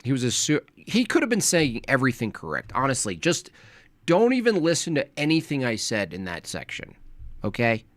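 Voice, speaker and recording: A hoarse man chats casually to his livestream audience, tired and halting, with a dry, close sound. His voice sits in a middling register and he trails off often. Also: medium pitch, huge pitch swings, fairly bright tone, no room sound. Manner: rambling, hesitant, tired. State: coughing, losing his voice. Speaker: livestream host.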